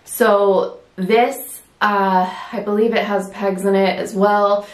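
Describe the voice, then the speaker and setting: A woman's voice: mid-range voice, fairly even intonation, slow pace, echoey room. A woman chatting casually through a beauty product review, a little winded, with many fillers and restarts. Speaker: beauty vlogger.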